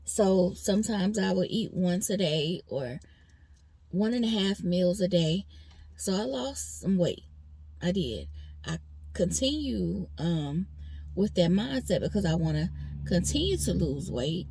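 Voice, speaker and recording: A woman's voice: lowish voice, lively intonation, a little slow, gravelly, dark tone, slightly rough. A woman vlogger venting in a rambling personal monologue, talking straight to her viewers.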